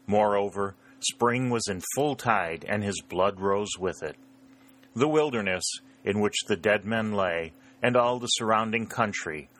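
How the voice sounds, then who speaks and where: A man narrates a novel in a steady, measured reading. His voice is fairly low, with a bright, forceful tone. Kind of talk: storybook narration.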